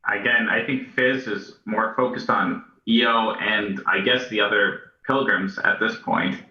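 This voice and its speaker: A man playing a tabletop game who thinks out loud and sounds unsure. His voice is low-pitched but very bright and tense. The sound is dull and roomy. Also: fairly even intonation, measured pace. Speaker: player. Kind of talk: casual game talk.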